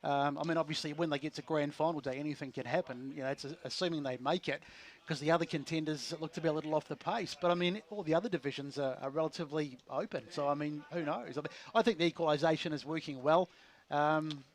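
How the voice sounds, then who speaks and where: A man's voice: on the high side, quick pace. A man with a New Zealand accent, chatting as a guest on a pre-match sports radio show, rambling with fillers and restarts. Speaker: league guest commentator.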